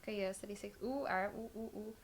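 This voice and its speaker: A woman's voice: medium pitch, fast, slight background noise. A woman giving a casual tarot reading, rambling and thinking aloud with lots of fillers. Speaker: tarot card reader.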